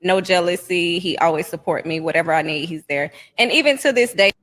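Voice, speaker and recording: Brief: lower-voiced woman, reality TV confessional, calm and plainspoken. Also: a little fast. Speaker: reality show cast member.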